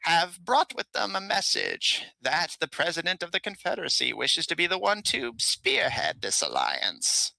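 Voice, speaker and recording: A frail old bandit king, voiced by a man speaks in a thin, high little voice. His proclamations come slow and deliberate. He has little patience for his crowd, and there is an edge under the ceremony. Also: big pitch swings, creaky, sharp tone, dry recording, heavily acted, low-quality recording. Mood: proclaiming.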